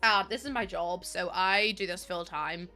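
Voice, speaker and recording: Northern Irish woman streamer, young, bright upbeat voice, chatty and self-deprecating, faint background music. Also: lowish voice, normal speed. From Northern Ireland. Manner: chatty and self-mocking, laughing often, reading chat aloud. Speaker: live streamer. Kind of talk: casual live-stream chat while building in a game.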